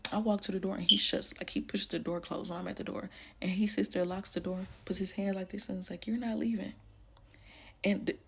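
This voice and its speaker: A young woman recounts a personal story in a loose, casual way, leaning on "like" and sinking into hushed tones. Her voice is gravelly with a husky edge. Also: medium pitch.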